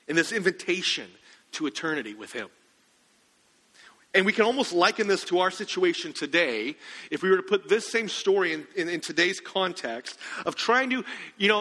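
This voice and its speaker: Man, pastor preaching with a high voice that asks the room questions, in an echoing church hall. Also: bright, forceful tone. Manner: conversational, asks the congregation questions. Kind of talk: sermon.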